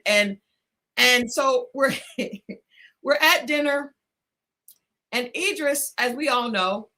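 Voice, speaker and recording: A woman co-hosting a talk show, telling a story in a casual, animated way, laughing often and restarting her sentences. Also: fairly high pitch. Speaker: podcast co-host.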